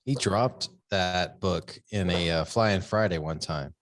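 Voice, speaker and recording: A man's voice: deep voice, slow. A man with a Texan accent hosting an interview in a loose, friendly way. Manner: friendly, loose, calls guest brother. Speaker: podcast host. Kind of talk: casual interview chat.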